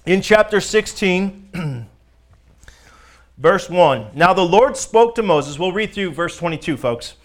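A man's voice: sits high, animated, slow, pauses often. A male pastor preaching a teaching sermon, reading scripture aloud and talking conversationally and emphatically to his congregation.

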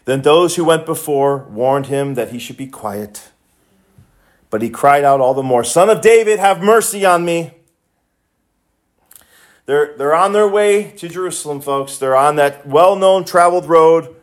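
A man preaching a sermon, reading scripture and building from quiet, low passages to high, shouted cries. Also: normal speed.

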